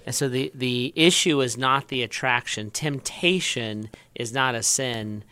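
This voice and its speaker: A man's voice: medium pitch, unhurried, bright, forceful tone, clear, resonant tone, no echo. A man, a pastor, explaining his view earnestly on a podcast and often restarting his phrases. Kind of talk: conversational teaching.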